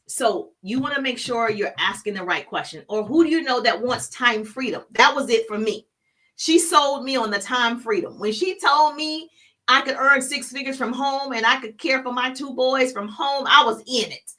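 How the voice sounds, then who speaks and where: Middle-aged woman coaching live, bright sharp voice, punchy and repetitive. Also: high-pitched, moderate pace. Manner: animated, preachy, repeats phrases for emphasis. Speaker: business coach. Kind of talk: live-stream coaching talk.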